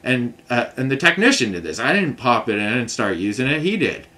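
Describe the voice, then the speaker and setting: A man's voice: mid-range voice, very animated, a little fast, pushed and bright. Man in a casual vlog, venting in a rambling way with lots of asides. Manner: rambling, frustrated, many "you know what I mean" asides. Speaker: vlogger. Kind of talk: casual storytelling to camera.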